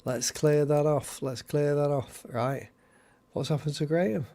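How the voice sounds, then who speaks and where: A man hosting a casual live stream, chatty and excitable, thanking viewers by name. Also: on the high side, unhurried.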